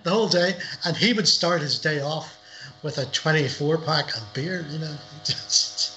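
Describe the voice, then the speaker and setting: A middle-aged man from Northern Ireland speaks as an author guest over a livestream call. His voice is bright and somewhat high for a man, and he rambles through anecdotes with repeated words and restarts. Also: unhurried, slight background noise, rough recording. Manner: rambling, repeats words, laughs at own stories. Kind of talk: casual interview chat. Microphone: livestream video call.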